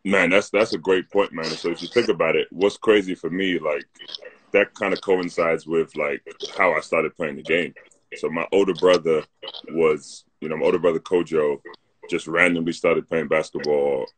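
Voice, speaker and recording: A man's voice: sits low, steady tone, moderate pace, husky, low-quality recording. A man with a London accent, from North London, telling a laid-back story in a casual chat on a live phone stream. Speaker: co-host. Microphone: phone on a live video stream.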